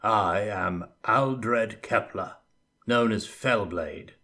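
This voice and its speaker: A man reads as a booming, fanatical knight, a grown warrior who commands every room, his low voice loud, slow and a little husky, fervent in every word of this audiobook. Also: heavily acted. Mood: zealous. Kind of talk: audiobook character voice.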